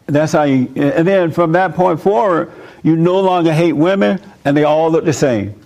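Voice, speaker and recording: A man preaching in an easygoing, conversational way, his voice sitting a little higher than most men's. He answers listener questions with personal stories and breaks into chuckles often. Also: moderate pace, darkish tone. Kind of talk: informal sermon.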